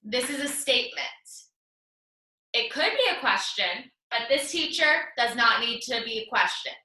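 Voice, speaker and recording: A woman's voice: fairly high pitch, lively intonation, a little slow, sharp tone, echoey room, distant mic, a little hiss or hum, poor audio. A woman teaching an English class, explaining patiently and reassuringly step by step. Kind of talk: online class lesson.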